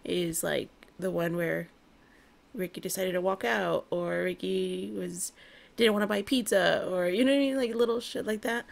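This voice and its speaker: Woman with a gravelly voice, easygoing. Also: lowish voice, fairly even intonation, normal speed. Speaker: podcast guest. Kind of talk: casual chat.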